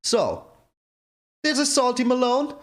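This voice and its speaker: A man's voice: very high voice, sing-song, slow pace. A man hosting his own gameplay channel, commenting on a card game in an exasperated rant that keeps repeating itself. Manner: exasperated ranting, repeats himself. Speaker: channel host.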